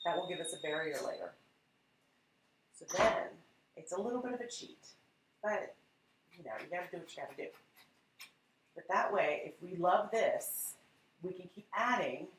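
Lady teaching painting live, lowish voice, chatty, roomy echo. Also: lively intonation, a little slow, long pauses, background noise. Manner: chatty and encouraging, addresses viewers. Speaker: art instructor.

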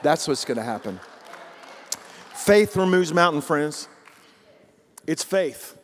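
Man, pastor, sermon, folksy and emphatic, slightly high voice, long church-hall reverb. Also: animated, slow, fairly bright tone, some chatter behind, slight background noise. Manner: folksy, emphatic preaching with rhetorical questions.

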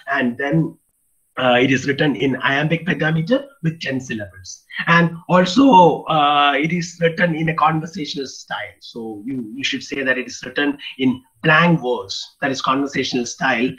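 A man's voice: fairly high pitch, a bit bright, highs cut off. A man giving an online lecture on poetry, often restarting and repeating phrases as he explains. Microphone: video call.

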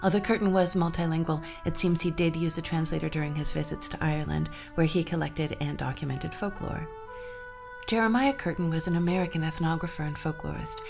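Low-voiced woman reading folklore. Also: fairly even intonation, a little fast, vocal fry, music in the background. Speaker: storyteller and podcast host. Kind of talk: folktale reading and commentary.

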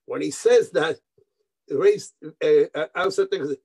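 An older man from New York, an interview guest telling animated stories, repeating words, mixing in Spanish phrases and acting out the voices of people he quotes. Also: a little high, measured pace, gravelly, husky, poor audio. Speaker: guest musician. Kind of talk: anecdotal interview storytelling.

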